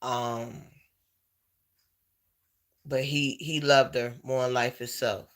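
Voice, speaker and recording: A man in a heartfelt personal chat with his viewers, tearful, halting and emotional. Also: medium pitch, flat delivery, a bit bright. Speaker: vlogger.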